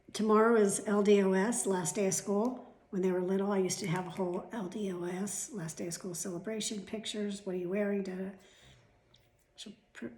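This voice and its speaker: A middle-aged woman talks to her camera at home in a loose, rambling way, drifting from one aside to the next and swearing now and then. Her voice sits at an ordinary, middling pitch. The room around her sounds echoey. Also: darkish tone. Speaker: vlogger. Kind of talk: casual chat to camera.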